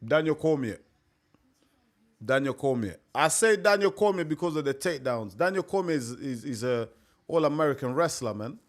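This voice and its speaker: A man's voice: a little high, lively intonation, fairly quick. A young man hosting a live stream, chatting casually and repeating himself, calling his listeners mate. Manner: chatty, repetitive, peppers talk with "mate".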